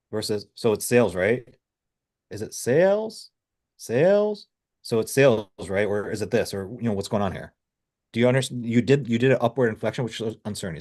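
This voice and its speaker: A man's voice: on the low side, a little mellow. A man coaching sales reps over a video call, blunt and casual, pushing them for more energy.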